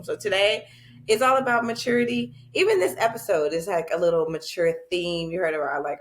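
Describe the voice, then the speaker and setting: A woman in her forties hosts a podcast and riffs in a loose, comedic monologue. She laughs often and keeps turning to her listeners with asides, at a medium pitch. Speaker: podcast host.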